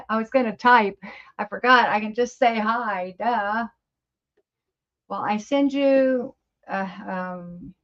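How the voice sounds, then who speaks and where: A woman over fifty hosting a casual livestream from her home studio, chatting to viewers in a rambling, easily amused way. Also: medium pitch. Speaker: livestream host. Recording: slightly dull lo-fi livestream audio.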